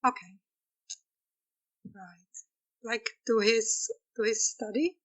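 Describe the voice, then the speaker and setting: A woman playing a tabletop role-playing game, speaking quietly and softly with some giggles. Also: fairly high pitch, slow, husky, low-quality recording. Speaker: player. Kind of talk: casual tabletop play.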